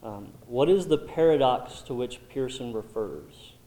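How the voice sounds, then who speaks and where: Male Bible study leader, steady mid voice, echoey room, thinks aloud. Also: mid-range voice, a little slow, slight background noise. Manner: thoughtful, many um fillers and restarts. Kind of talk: leading a group discussion. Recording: roomy echo.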